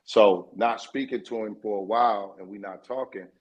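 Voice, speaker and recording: A man, a guest in a casual interview, telling a story in a streetwise and profane way, getting more animated as he goes. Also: on the low side, moderate pace, lo-fi sound.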